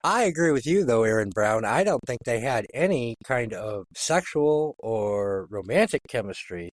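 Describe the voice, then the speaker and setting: A man's voice: medium pitch, expressive, normal speed, no echo. A man hosting a film podcast, leading a casual discussion with enthusiasm. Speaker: podcast host.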